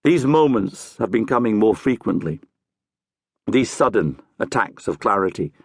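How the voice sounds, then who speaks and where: A man narrating a crime novel audiobook in a measured, dramatic storytelling manner. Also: on the low side, lively intonation, gravelly, breathy edge, no echo, clean studio sound.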